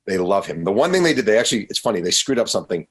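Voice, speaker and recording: A man, an author guest on a radio show, telling stories in an animated way and often acting out quotes. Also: on the low side, breathy edge. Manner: animated, quick to act out quotes. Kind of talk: storytelling in a radio interview.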